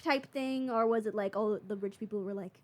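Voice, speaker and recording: A woman's voice: medium pitch, brisk. A woman co-hosting a casual podcast, rambling through questions and swearing freely. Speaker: podcast co-host.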